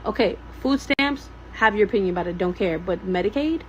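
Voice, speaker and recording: A woman in a social media clip, talking in a fast, indignant way. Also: mid-range voice, highs cut off, a little hiss or hum. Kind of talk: ranting video clip.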